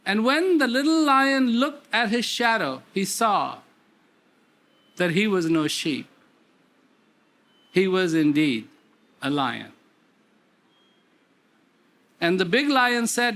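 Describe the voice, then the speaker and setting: A man giving a talk, telling a parable slowly with emphatic repetitions. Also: sits high, lively intonation, bright, forceful tone. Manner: slow, repetitive, emphatic storytelling. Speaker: speaker. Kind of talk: storytelling talk.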